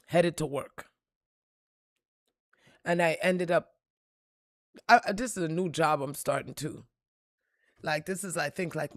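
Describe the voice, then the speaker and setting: A woman giving an unscripted motivational talk and telling a story straight to her viewers, blunt and profane, swinging between quiet asides and loud emphasis. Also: fairly low pitch, dry recording, studio quality. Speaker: spiritual reader and motivational speaker.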